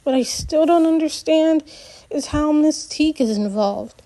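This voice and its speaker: A woman narrating a novel aloud in the first person, in an unhurried, measured audiobook reading. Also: high-pitched, dark tone.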